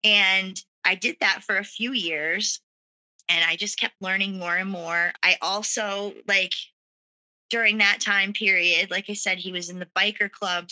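A woman's voice: medium pitch, sharp tone, low-quality recording. A woman frankly telling her own story as an interview guest, conversational and loose, with nervous laughs. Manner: casual fillers like "like" and "you know". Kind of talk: candid personal storytelling.

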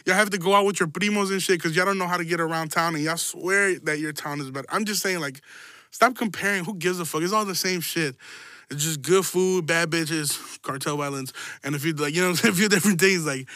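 A man's voice: fairly high pitch, pushed and bright, no echo, clean studio sound. A young man hosting a podcast, telling rambling stories in a loose, profane, chuckling way. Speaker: podcast host. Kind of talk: casual rambling podcast monologue.

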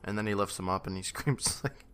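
A man's voice: lowish voice, a little fast, a bit bright, smooth. A man co-hosting a podcast, chatting casually and laughing with dry asides. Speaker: podcast co-host. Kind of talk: casual chat.

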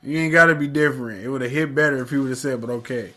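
A man casually recapping a show episode, animated and acting out characters' lines as he tells it. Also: medium pitch, fast talker. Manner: animated, acts out lines in character voices, laughs often. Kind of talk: casual reaction chat.

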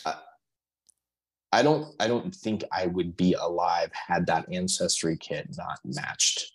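A man speaking as a podcast guest in casual conversation, earnest and halting, with many fillers and restarts. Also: sits low, husky, poor audio.

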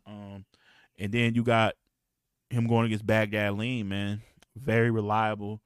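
A man's voice: lowish voice, flat delivery, a little slow, clean tone, no room sound, clean studio sound. Profane, rambling man host. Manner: loose, profane, slangy and rambling. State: clearing his throat, slight cough. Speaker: podcast host and battle rap league promoter. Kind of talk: casual podcast talk.

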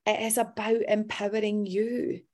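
A woman's voice: medium pitch, level tone, moderate pace, darkish tone. A woman hosting a podcast in casual chat, encouraging and repeating for emphasis. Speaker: podcast host.

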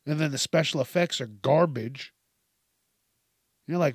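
In a studio-quality recording with no room sound, a man with a fairly high voice talks at a moderate pace. He rants through his casual solo podcast, heavy on swearing, animatedly performing the lines he quotes.

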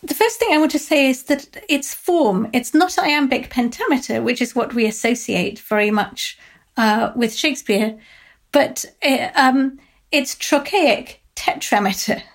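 High-pitched woman professor, thoughtful lecturing, hesitant fillers. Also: lively intonation, unhurried. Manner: thoughtful, with frequent uh and um. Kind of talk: lecture on literature.

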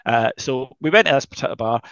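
A man's voice: medium pitch, expressive, fast, fairly bright tone, no echo. A man co-hosting a casual chat, telling rambling stories with plenty of swearing. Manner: profane, rambling storyteller. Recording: dull lo-fi sound.

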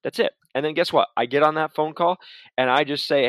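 A man's voice: fairly high pitch, fairly quick, a bit bright, no room sound. A man giving casual career advice in a chatty, laid-back way, full of restarts and asides. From Arizona.

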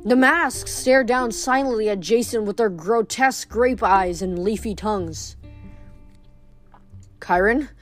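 A woman reading a novel aloud in a steady, measured narration. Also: on the high side, faint music behind. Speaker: reader.

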